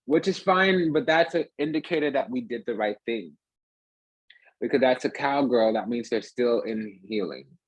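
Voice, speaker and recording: A man's voice: medium pitch, lively intonation, normal speed, husky, dry recording, low-quality recording. A man giving a rambling, emphatic casual tarot reading, talking restlessly from card to card. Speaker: tarot reader.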